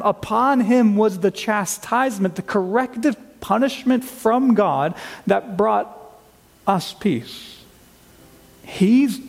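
A man's voice: sits high, darkish tone. A male pastor delivers an expository sermon with a slightly raised voice, drawing out key words to stress them. His voice carries a long reverb from a church sanctuary.

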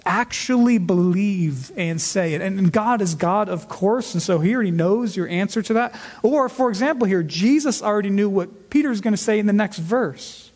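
A man's voice: high-pitched, expressive, moderate pace, hardly any pauses. A male pastor preaching an earnest expository sermon, often repeating words as he stresses a point.

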